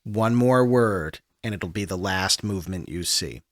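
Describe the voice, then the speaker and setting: A man's voice: low-pitched, measured pace, no echo, studio quality, pitched below the performer's own voice. A man playing a menacing soldier lieutenant. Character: menacing male soldier lieutenant in a broken suit.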